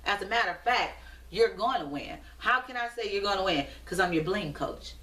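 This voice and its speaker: Her mid-range voice comes across expressive, pushed, and bright, moving a little fast as she urges viewers on in a rhythmic, repetitive pep talk. This motivational host is recorded at a distance in an echoey room.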